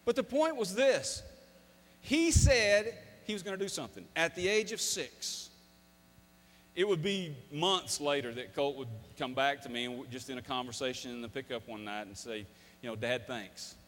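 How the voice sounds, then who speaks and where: A man's voice: on the high side, normal speed, a bit bright. A man in his fifties, a former coach, gives a folksy, emphatic motivational talk, telling stories to an audience. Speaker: speaker, former football coach. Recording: long hall reverb.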